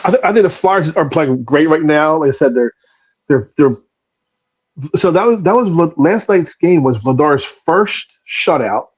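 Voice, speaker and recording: Give me a man with a Delco accent who keeps restarting, his voice a bit higher than most. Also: expressive, slightly rough, lo-fi sound. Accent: Delaware County, Pennsylvania. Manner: halting, lots of repeated starts. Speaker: co-host, restaurant owner. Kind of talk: casual sports podcast chat.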